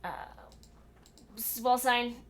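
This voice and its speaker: A woman's voice: fairly high pitch, completely flat delivery, drawn-out words, a little hiss or hum. A young woman streaming a building game from her desk at home, muttering to herself and scolding her cat in exasperated asides. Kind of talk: casual livestream chat while building in a game. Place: home room at a computer.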